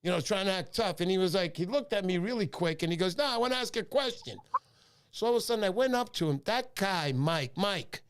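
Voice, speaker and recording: A man hosting a fishing livestream, telling stories in an animated way and shouting out his viewers. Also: high-pitched, fast talker, hardly any pauses, slight background noise. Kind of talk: casual livestream chat.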